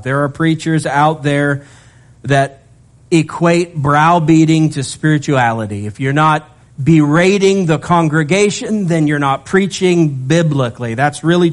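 Animated, joking male preacher. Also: on the high side. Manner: animated, with humorous asides. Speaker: pastor. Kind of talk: sermon.

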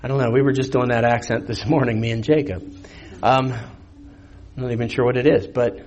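In a steady, a little mellow mid-range voice at a moderate pace, a man preaches. He's a pastor giving a verse-by-verse expository sermon, teaching conversationally and raising rhetorical questions.

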